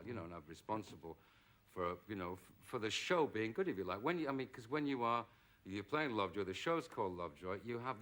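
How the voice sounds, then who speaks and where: Casting: middle-aged man from England, slightly low, bright and forceful tone, a lively storyteller who slips into quoted voices. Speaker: actor, talk show guest. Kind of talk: anecdotal chat.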